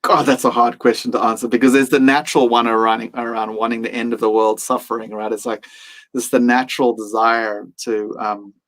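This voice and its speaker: A man's voice: medium pitch, little pitch movement, a little fast, a bit bright, low-quality recording. A man speaking as a podcast guest, reflective and earnest, sometimes acting out his own inner voice. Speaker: mindfulness teacher and guest.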